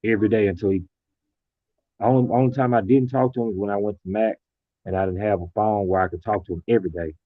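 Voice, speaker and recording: A man talking casually and reflectively, telling stories in a relaxed colloquial way. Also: fairly low pitch, fast talker, no room sound. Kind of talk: casual conversation. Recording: tinny phone-like line.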